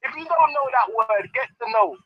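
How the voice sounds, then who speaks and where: Boxing trainer, male, high lively husky voice, laughing storyteller. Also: normal speed, muffled recording. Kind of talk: casual interview chat.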